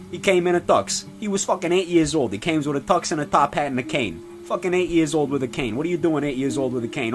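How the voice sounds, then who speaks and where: A man playing a foul-mouthed, brash middle-aged father in a comedy sketch, rambling and ranting with lots of swearing. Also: natural voice. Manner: profane rambling rants with animated pitch swings. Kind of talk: comedy sketch character monologue.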